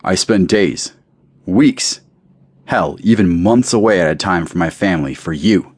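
A man's voice: low voice, unhurried, darkish tone, dry recording. A male narrator voicing an exasperated, weary middle-aged manager in an audiobook. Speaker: audiobook character. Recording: dry close studio recording.

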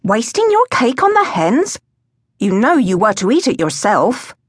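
A woman narrator voicing a brisk, scolding nursemaid in a raised, firm voice. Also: on the high side, wildly swooping pitch, breathy edge, dry recording, studio quality, voice pushed up, exaggerated voice.

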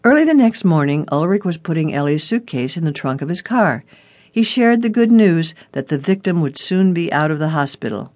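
An audiobook narrator giving a steady, scripted reading of a short suspense story. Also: mid-range voice, normal speed, dry recording.

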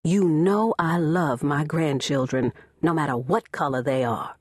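A woman narrator voicing a sharp, cold grandmother in her late sixties for an audiobook, in a raised, cutting tone. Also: sits low, a little slow, breathy edge, no echo, studio quality. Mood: icy. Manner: sharp and icy. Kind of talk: audiobook character voice.

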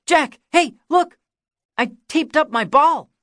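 Storybook kid, small excitable boy, way up high and breathless, pleading and shouting, put on by a female narrator. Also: takes it slowly, dry recording, studio quality. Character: eager excitable young boy.

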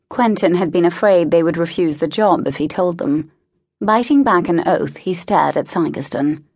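Lady reading an audiobook, steady and measured, low voice, dead dry studio. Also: no echo. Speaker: audiobook narrator. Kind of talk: scripted narration.

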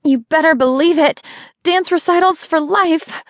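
A woman's voice: sits high, lively intonation, measured pace, darkish tone, no room sound, clean studio sound, voice pushed up. A woman voicing an emotional young mother in labor, speaking in a strained, heartfelt way. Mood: teasing.

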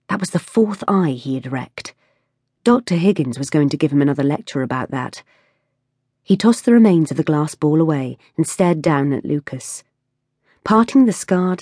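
A woman narrating an audiobook in a measured, even storytelling manner on a close studio mic. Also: low-pitched, slightly rough, no echo. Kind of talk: scripted narration.

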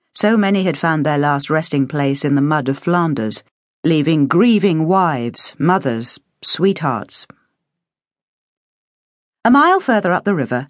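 A woman narrating a historical novel audiobook in a measured, expressive storytelling manner. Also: low-pitched, no echo, clean studio sound. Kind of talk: scripted narration.

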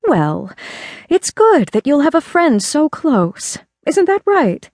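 A kind, motherly woman speaks gently, voiced by a woman narrator. The delivery is slow and soothing, and the pitch sits slightly high. It is recorded close and dry with no room sound. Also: big pitch swings, no room sound, full character voice. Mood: kindly. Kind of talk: audiobook character voice.

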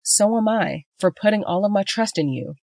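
A woman's voice: medium pitch, lively intonation, moderate pace, warm tone, no room sound, voice pushed up. A woman voicing a betrayed wife and mother who speaks in heated, angry bursts, in a dry-sounding audiobook reading. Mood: furious. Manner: heated, raising her voice in anger.

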